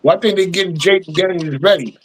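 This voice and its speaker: High-voiced excitable male sports fan. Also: quick pace, poor audio. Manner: emphatic, excitable, stubborn fan. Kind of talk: casual sports chat.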